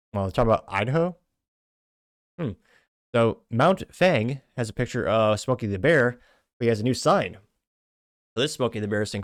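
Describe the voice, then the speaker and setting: A man's voice: medium pitch, dry recording, clean studio sound. A man hosting a show, reading viewer comments aloud with wry asides in between. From United States. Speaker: show host.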